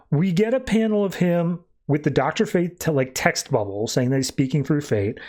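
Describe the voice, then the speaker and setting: Male podcast host, slightly raised pitch, casual comic recap with offhand character impressions. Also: lively intonation, moderate pace, hardly any pauses, dark tone. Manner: loose storytelling that acts out quotes with "he's like".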